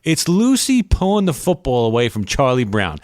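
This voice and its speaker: A man from the area co-hosting a podcast, chatting casually and excitably, acting out voices in his stories. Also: mid-range voice, moderate pace, no echo, studio quality. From Philadelphia area. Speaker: podcast co-host. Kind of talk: casual chat.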